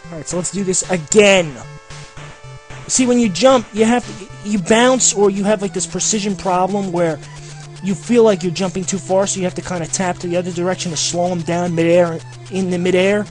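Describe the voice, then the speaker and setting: A man's voice: high voice, fairly even intonation, normal speed, soft background music. A man ranting sarcastically over gameplay as a game reviewer, swearing constantly and sounding fed up. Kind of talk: profane gameplay commentary rant.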